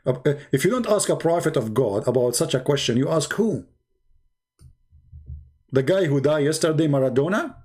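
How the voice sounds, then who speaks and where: A man giving a mocking, challenging polemic monologue as a live-stream debater, swinging between slow low asides and exasperated outbursts. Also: lively intonation, mellow, husky.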